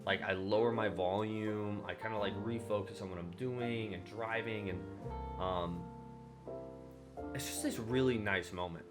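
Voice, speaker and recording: A man hosting a casual solo podcast, rambling through his thoughts with lots of fillers and animated bursts when he retells his own anger. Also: fairly low pitch, measured pace, loud music behind the voice. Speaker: podcast host.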